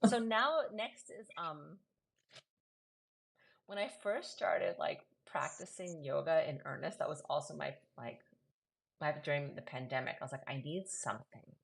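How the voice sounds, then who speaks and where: A woman poet and co-host, reading a poem aloud and then chatting in an animated way on a live video. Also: low-pitched, a little slow, creaky, rough recording. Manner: animated, chatty, many fillers. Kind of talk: poetry reading and casual chat. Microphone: webcam or laptop mic on a live video.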